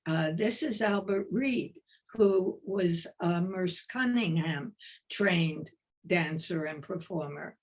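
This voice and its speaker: An older woman with a New York accent giving a lecture as a retired dance professor over a video call, in a slow, measured, deliberate way. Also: on the low side. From East Coast of the United States.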